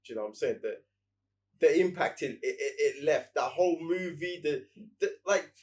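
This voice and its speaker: Man, casual podcast co-host, slightly high voice, halting, restarts sentences, thinking aloud. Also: darkish tone. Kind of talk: casual chat.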